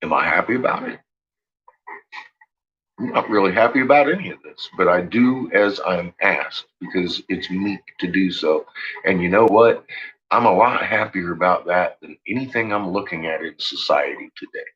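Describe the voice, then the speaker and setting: A man's voice: low voice, moderate pace, breathy edge, highs cut off. A man on a late-night monologue, ranting and swearing heavily as he tells his story. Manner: profane, ranting, shouts in retold quotes. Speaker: host.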